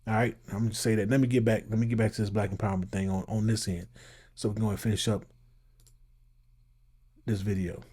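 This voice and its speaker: A man's voice: on the low side, little pitch movement, fast talker, long pauses, warm tone, breathy edge. A man hosting his own channel, giving emphatic casual commentary and reacting to clips. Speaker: channel host.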